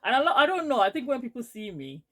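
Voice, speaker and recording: A woman from Edo State with a Nigerian accent, telling a storytime vlog in a lively, expressive way. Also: high-pitched, fast. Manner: lively, expressive, rising to anger as she tells it. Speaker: vlogger.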